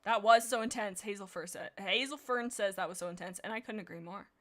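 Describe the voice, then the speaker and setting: A woman streamer reading fan fiction aloud, breaking off often for excitable, laughing commentary. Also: mid-range voice, a little fast.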